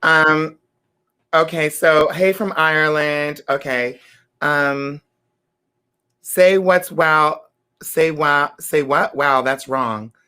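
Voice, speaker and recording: Female livestream host, animated delivery, bright tone. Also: deep voice, takes it slowly, smooth. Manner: lively, animated, reads viewer comments aloud. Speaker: talk show host. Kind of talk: livestream interview chat.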